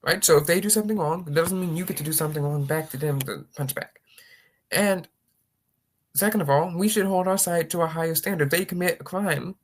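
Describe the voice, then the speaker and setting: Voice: mid-range voice, brisk. A rambling political commentator talking casually, with many restarts and mocking impressions of opponents.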